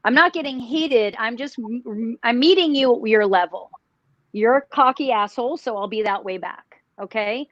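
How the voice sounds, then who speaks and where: A woman psychic on a live paranormal show, talking haltingly with many restarts as she questions a spirit. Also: on the high side, no room sound. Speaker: psychic, remote viewer. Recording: dull dry lo-fi audio.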